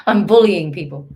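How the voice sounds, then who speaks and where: A woman from Ireland with an Irish accent, talking casually to her viewers on a live stream. She speaks at an unhurried pace, with a voice sitting a little low. Her manner is playful, with mumbled asides to herself and bursts of giggling. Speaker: livestreamer.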